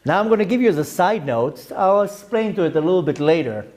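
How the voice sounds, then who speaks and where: A man's voice: high voice, expressive, fairly quick, darkish tone. A man, a rabbi giving a Torah lecture to a class, explaining step by step with terms and side notes. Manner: explanatory, with Hebrew terms and frequent asides.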